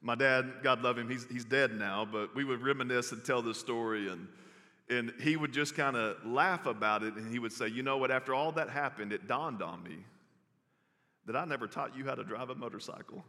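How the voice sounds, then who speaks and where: A man's voice: medium pitch, expressive, fairly quick, bright, forceful tone. Folksy preacher man in a hall. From Texas. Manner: folksy storytelling, addressing the crowd as y'all. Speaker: pastor. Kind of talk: sermon. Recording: reverberant hall.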